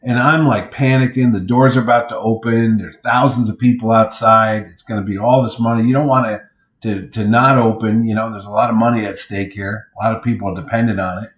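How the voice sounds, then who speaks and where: A middle-aged man, a convention organizer, telling lively anecdotes in casual podcast style and acting out what others said. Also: fairly low pitch, brisk, dull audio. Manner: animated anecdotes, acts out others' lines. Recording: roomy echo.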